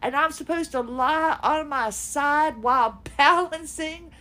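A woman's voice: high voice, slow pace, sharp tone. A woman podcast host telling a story in an exasperated, sarcastic way, with laughs mixed in. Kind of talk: casual personal venting monologue.

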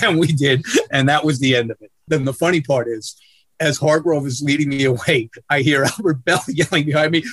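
A guest sportswriter recounts stories in a video-call interview, being blunt, profane, and hard on himself in a casual way. His medium-pitched voice has a breathy edge and a moderate pace, with no echo in the sound.

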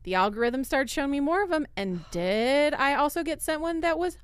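A woman's voice: high-pitched, lively intonation, fairly quick. A woman co-hosting a podcast, chatting casually and playfully with many "like"s. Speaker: podcast co-host. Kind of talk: casual chat.

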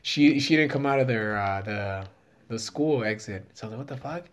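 A man's voice: medium pitch, a little fast. A man in his thirties, a comedian guest telling a story in casual chat, profane and rambling with many fillers.

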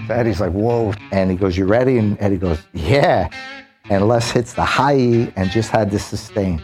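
Man telling a lively anecdote. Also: on the low side, fairly quick, soft background music. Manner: lively storyteller acting out quoted voices. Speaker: police officer guest.

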